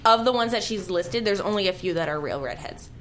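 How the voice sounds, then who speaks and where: A woman chatting bluntly and crudely as a guest on a radio show, telling quick stories. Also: mid-range voice, lively intonation, over loud music. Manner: blunt, profane, laughing storyteller. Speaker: studio guest.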